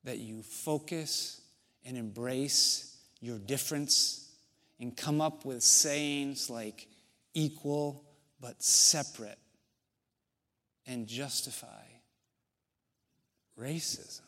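A man preaching a sermon in a church, measured, with long pauses, building to emphatic stretches. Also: mid-range voice, pushed and bright. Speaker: pastor. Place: church sanctuary.

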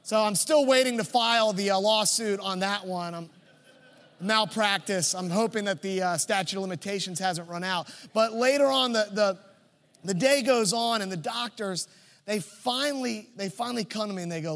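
A man with a high-pitched voice preaching a sermon, easing into a personal story with a conversational, humorous touch. His voice rings with the long reverb of a large church sanctuary. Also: normal speed, fairly bright tone. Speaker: pastor.

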